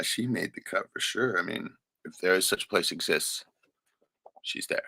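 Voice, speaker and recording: A man's voice: sits low, vocal fry, pushed and bright, breathy edge, no echo. A man hosting a livestream, speaking an emotional, unscripted monologue in a raw, profane way, often tagging sentences with "right?". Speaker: livestream host.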